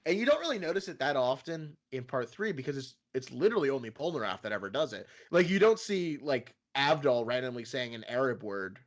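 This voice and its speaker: A man co-hosting a casual fan podcast, animated and profane, often laughing and putting on voices. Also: medium pitch, fairly quick, few pauses. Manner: animated, swearing, laughing, mimicking characters. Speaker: podcast co-host.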